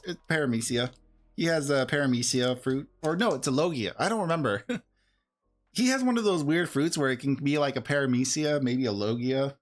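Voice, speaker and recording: A man streaming live, chatting casually and rambling while he opens a box of cards, getting excited and laughing often. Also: a little high. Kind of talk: casual livestream chat while opening cards.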